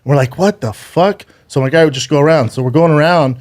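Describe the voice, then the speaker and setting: A man's voice: a little high, fairly even intonation, a little mellow. A man in his thirties telling a harrowing personal story on a podcast, swearing often, stumbling and repeating words, holding back tears. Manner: profane, halting, restarts and repeats words.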